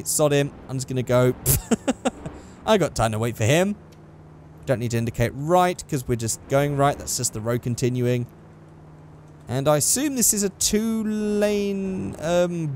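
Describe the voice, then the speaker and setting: A man's voice: on the high side, a little mellow, a little hiss or hum. A young man giving sarcastic, exasperated running commentary while playing a driving game. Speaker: gaming channel host. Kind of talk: let's play commentary.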